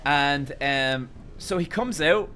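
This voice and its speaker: A young man with a high, bright voice tells a long, rambling story to his stream chat, swearing freely and sounding exasperated. Soft music plays behind him. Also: lively intonation, slow pace.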